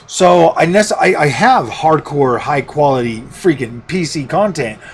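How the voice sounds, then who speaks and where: A slightly high-pitched man rambles through casual tech commentary, restarting his sentences often. His humor runs dry and sarcastic. A faint hiss sits behind his voice. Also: lively intonation, unhurried. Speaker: tech YouTuber. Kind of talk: casual talking-head commentary.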